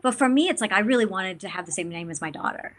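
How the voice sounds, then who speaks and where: A woman actor talking as an interview guest in a casual, animated way, with lots of fillers and restarts. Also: medium pitch, fast talker. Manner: animated, chatty, many fillers.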